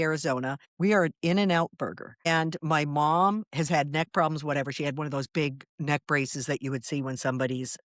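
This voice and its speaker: A woman's voice: deep voice, no room sound, studio quality. A woman co-hosting a podcast, telling a family story with wry, laughing asides. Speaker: podcast co-host. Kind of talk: casual storytelling chat.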